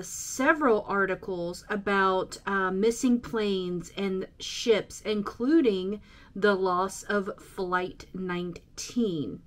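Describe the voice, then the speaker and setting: A woman hosting a casual solo podcast, reading from her notes with many ums and uhs. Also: mid-range voice. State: out of breath. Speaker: podcast host.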